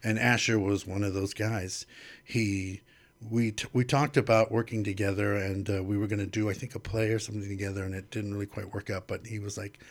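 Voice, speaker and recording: A man with a fairly low voice tells stories as a podcast guest. He is animated and quotes other people in little acted bursts. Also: fairly quick. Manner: animated storyteller who acts out quoted exchanges. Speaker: guest artist. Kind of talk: casual storytelling interview.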